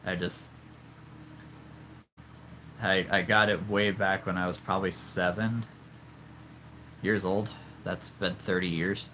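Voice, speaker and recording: A man in his 30s rambles casually on a livestream from home, surrounded by toy figures as he shows his collection and often laughs at himself. His low voice is delivered flatly and slowly, with frequent pauses and a sharp tone, and slight background noise is present.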